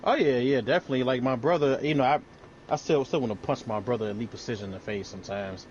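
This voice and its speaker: A man giving relaxed color commentary on an online sim race, often stammering and repeating words. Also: medium pitch, fast talker, dull audio, slight background noise.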